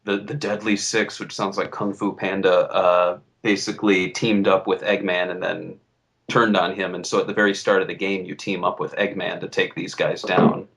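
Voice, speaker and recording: Low gravelly guy cohosting a podcast, laid back, lots of ums. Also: moderate pace. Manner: relaxed, rambling with fillers. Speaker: podcast co-host. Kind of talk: casual chat.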